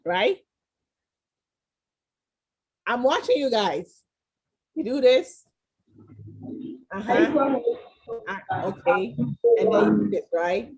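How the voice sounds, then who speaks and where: A woman's voice: mid-range voice, a little mellow, breathy edge. Woman teaching an online class. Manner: encouraging, quizzes listeners with frequent "okay?" and "right?". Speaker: virtual tour presenter. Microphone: video call.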